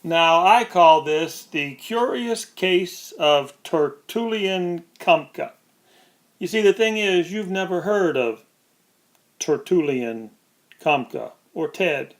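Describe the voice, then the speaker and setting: A man presenting historic documents in a dramatic, emphatic storytelling style with drawn-out pauses. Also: on the high side. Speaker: archive presenter.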